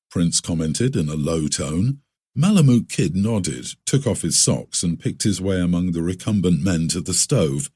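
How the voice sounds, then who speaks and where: Husky-voiced male audiobook narrator. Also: low voice, expressive, a little mellow, dry recording, clean studio sound. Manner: measured literary reading. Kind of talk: scripted narration of a classic story.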